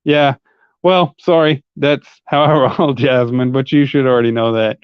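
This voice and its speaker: A man's voice: medium pitch, steady tone, normal speed, smooth, no echo. A man ranting on a livestream in a combative, heavily profane and mocking way. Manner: argumentative, mocking. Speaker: livestream commentator. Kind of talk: live-stream rant. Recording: muffled lo-fi audio.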